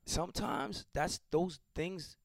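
A man's voice: a little high, slow pace, dry recording, studio quality. A man guest co-hosting a casual sports chat, emphatic and repeating himself to press his points. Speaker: guest co-host, actor.

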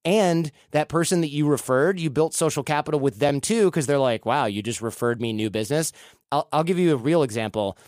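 A man's voice: on the high side, brisk, a little mellow, no room sound, studio quality. Man telling stories in casual talk. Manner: storytelling, acts out quoted dialogue. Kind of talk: casual conversational advice.

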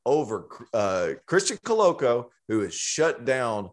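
A man from Tennessee with a Southern accent, co-hosting a casual sports chat with animated asides. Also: mid-range voice, a little slow. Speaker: co-host.

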